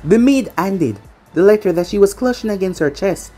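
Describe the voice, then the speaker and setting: A woman narrates a fan story with a lively, expressive pitch. Her voice is husky and a bit breathy, and a faint music bed runs underneath. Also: moderate pace.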